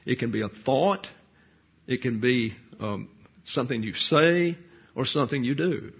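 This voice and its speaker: Going verse by verse through scripture, this slightly husky, medium-pitched preacher speaks animatedly but a little slowly. He asks rhetorical questions, then answers them plainly and instructively, now and then adding a dry remark. The sound is muffled and a touch lo-fi.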